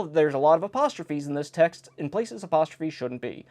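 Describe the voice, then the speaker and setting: A man reads an old joke book aloud in a relaxed, casual way. His voice sits a little high and swings about animatedly. He keeps breaking off for wry remarks on each joke. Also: brisk, few pauses. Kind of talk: casual reading aloud with commentary. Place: indoor home recording in South Carolina.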